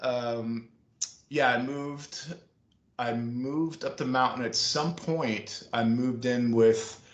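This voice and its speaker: A man's voice: medium pitch, slow. Middle-aged male guest on a video call, roomy sound, chatty storyteller who acts out quotes. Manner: rambling, animated storyteller acting out quoted voices. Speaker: interview guest, former school staff member. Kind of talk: casual storytelling interview.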